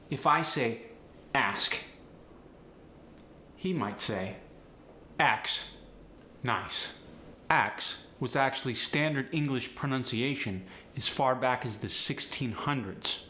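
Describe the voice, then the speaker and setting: A man, a dialect coach, explaining in a clear, measured teaching manner. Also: mid-range voice, bright, forceful tone. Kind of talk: instructional explanation. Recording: roomy echo, faint noise.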